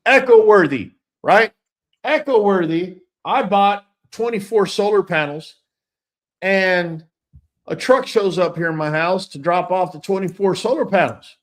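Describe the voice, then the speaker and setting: A man telling a story in casual chat, animated, emphatic and blunt, swearing freely. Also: high voice, unhurried.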